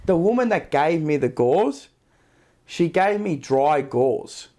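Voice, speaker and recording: A young man chatting on a podcast, telling a story in an animated way with a lot of swearing and acted-out quotes. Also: on the high side, takes it slowly. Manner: animated, swearing storyteller acting out his own lines. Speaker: podcast co-host. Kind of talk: casual chat.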